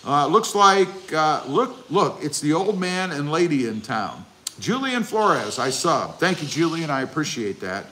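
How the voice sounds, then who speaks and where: A man's voice: a little high, sing-song, a little slow, pushed and bright, a little hiss or hum. A man hosting a casual livestream, reading viewer comments aloud and answering them with jokes. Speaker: livestream host.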